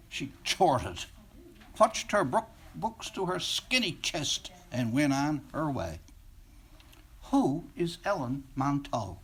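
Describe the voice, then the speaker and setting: A man, an author, reading aloud from his own novel in a library, with expressive, wistful storytelling. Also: on the high side, unhurried, husky.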